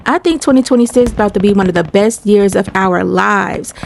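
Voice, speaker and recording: A woman's voice: medium pitch, fairly quick, vocal fry, a little hiss or hum. A woman hosting a casual commentary video in a chatty, slangy way. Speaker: YouTube commentary host.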